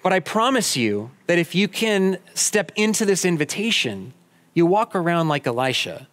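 A man's voice: sits high, very animated, normal speed, a bit bright. A man preaching a sermon, telling a personal story and acting out both sides of the conversations. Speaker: pastor. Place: church auditorium.

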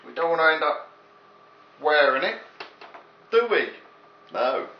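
Speaking in an unhurried but very animated way, this home cook from England has a slightly high voice. He jokes through a loose cooking demonstration in his own kitchen, wandering into asides for the viewer; the lo-fi audio sounds dull and echoey, with faint hiss underneath.

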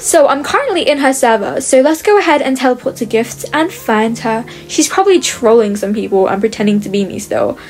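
A young woman with a high voice talks her viewers through a game, chatty and quick to sound fed up. She calls out to her audience as she plays. Faint music sits under her voice. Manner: exasperated, chatty, addresses viewers as guys. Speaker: gaming video creator.

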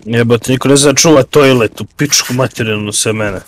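A man playing a shooter with friends, calling out directions over voice chat, excitable and swearing. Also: mid-range voice, a little fast, slight background noise. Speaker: player. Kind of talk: casual game voice chat.

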